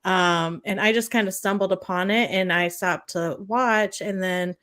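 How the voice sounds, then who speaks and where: A woman co-hosting a live podcast, telling a personal story in casual chat with many fillers and pauses. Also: mid-range voice, steady tone, fairly bright tone. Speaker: podcast co-host.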